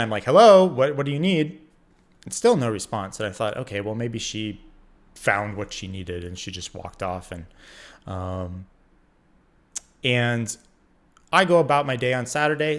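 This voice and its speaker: A man from the United States in his thirties telling a personal story in a casual, animated way, acting out the quoted voices and using many fillers. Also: lowish voice. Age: 30s. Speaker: vlogger.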